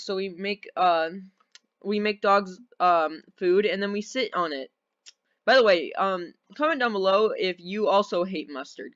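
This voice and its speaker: High-voiced rambling young gamer. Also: male voice. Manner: rambling, giggly, easily excited. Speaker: gaming video host. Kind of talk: casual gameplay commentary. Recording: dull lo-fi sound.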